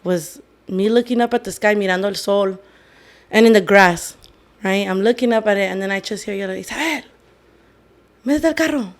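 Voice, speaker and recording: A woman speaking as a podcast guest at an ordinary middle pitch, telling her story casually. She talks candidly and swears freely. She sometimes drops into Spanish mid-sentence. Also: fairly even intonation, brisk.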